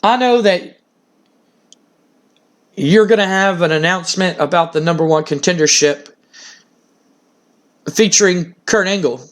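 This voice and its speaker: A man's voice: high voice, a little slow, long pauses. A man voicing a stubborn young woman arguing with her father, defiant and sly, in his ordinary voice. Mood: scheming.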